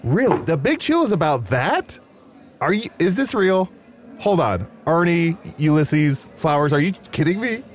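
A man improvising in a role-play, animated and often incredulous. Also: fairly high pitch, a little slow. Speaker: player.

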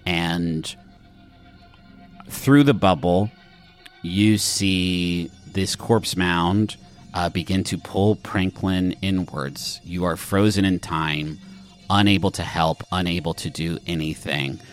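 Deep male GM narrating a tabletop game, loose and relaxed, faint music behind. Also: slow pace. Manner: relaxed, filler-heavy narration. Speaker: game master.

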